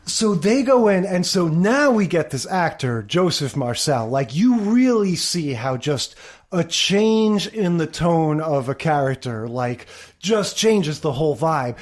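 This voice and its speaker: A woman's voice: low-pitched, big pitch swings, measured pace, darkish tone. A woman co-hosting a podcast in casual chat, laughing often and acting out quotes as she talks. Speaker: podcast co-host.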